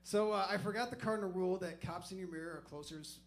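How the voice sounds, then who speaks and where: A man's voice: high-pitched, fast talker. A man doing stand-up comedy on a club stage, telling a profane, rambling, self-deprecating story.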